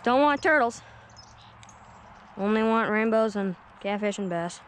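Excitable high-voiced woman fishing vlogger. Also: a little slow, slight background noise. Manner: excitable, keeps addressing viewers as guys. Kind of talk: excited outdoor vlog commentary. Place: outdoors at a lakeshore.

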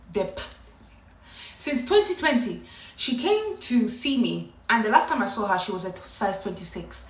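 A woman vlogger telling her own story in a casual, animated, dramatic way, often breaking into laughs. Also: mid-range voice. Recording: roomy echo, mic at a distance.

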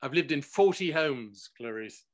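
A man recording engineer talking in a relaxed, chatty interview, laughing often and using many fillers, over a video call. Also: on the high side, a little slow. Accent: none regional, no Scottish accent. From born in Gibraltar, grew up worldwide.

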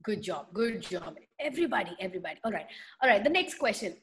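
A woman's voice: mid-range voice, quick pace, slight background noise. A woman telling a story to children on a video call, asking them questions and acting out voices as she goes. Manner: animated, asks children questions and acts out voices. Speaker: children's Sunday school teacher.

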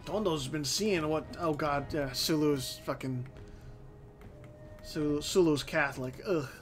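A man with a fairly high voice hosts a relaxed let's-play of a strategy game. He thinks out loud, swears often and trips over his own sentences. Soft music plays quietly underneath. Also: a little slow. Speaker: host of a strategy game channel. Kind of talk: casual let's-play commentary. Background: faint background music.

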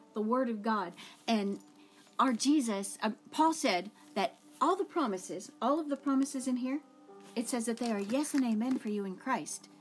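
A woman's voice: a little high, darkish tone. A middle-aged woman giving an earnest devotional talk, telling personal stories in a conversational way. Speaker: ministry speaker.

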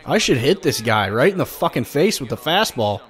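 A man commenting on his own baseball video game play, swearing and flaring up at bad pitches, and talking straight to his viewers. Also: very animated, moderate pace, slightly rough. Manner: swearing, frustrated outbursts at the game. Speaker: gaming YouTuber. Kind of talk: gameplay commentary.

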